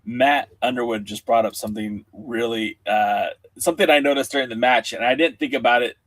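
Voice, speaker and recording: A man's voice: mid-range voice, a little fast, a bit bright, no echo. A man co-hosting a podcast over a video call, talking casually with lots of fillers and restarts. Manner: rambling, many fillers and restarts. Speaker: podcast co-host. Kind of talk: casual chat.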